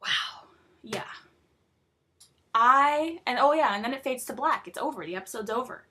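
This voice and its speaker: A young woman chats casually in a vlog about a show she loves, rambling through fillers and restarts. Her voice sits a little high, and she jumps up in pitch whenever she gets excited. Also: moderate pace, slight background noise. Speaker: vlogger.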